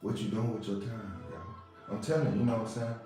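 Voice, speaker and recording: A man's voice: lowish voice, fairly even intonation, fairly quick, dark tone. A man hosting a podcast, giving a casual motivational monologue, repeating himself and asking if listeners see what he means. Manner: casual, preachy, repeats phrases, asks "you see what I'm saying". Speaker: podcast host. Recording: roomy echo with faint music.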